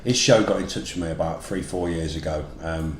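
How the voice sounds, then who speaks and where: A man's voice: a bass voice, a little fast, echoey room. A man from Bedworth with a Coventry and Bedworth accent, a comedian telling stories bluntly in casual podcast chat. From England, Bedworth. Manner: blunt, swearing storyteller. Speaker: comedian guest.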